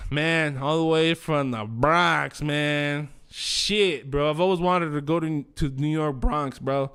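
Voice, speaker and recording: A man's voice: fairly high pitch, takes it slowly, hardly any pauses, fairly bright tone, clean tone. A man hosting a livestream, chatting casually slang, swearing and rambling. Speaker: livestream host.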